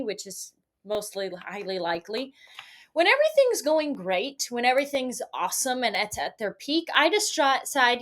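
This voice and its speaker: Higher-voiced woman ranting sarcastically. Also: a bit bright. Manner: profane, sarcastic, self-mocking. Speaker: vlogger. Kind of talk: casual storytime rant.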